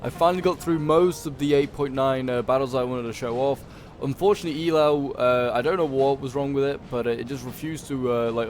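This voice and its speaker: A man's voice: mid-range voice, a little mellow. A man giving casual gameplay commentary, thinking aloud and rambling with many fillers as he talks through a strategy battle. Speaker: game commentator. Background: background music.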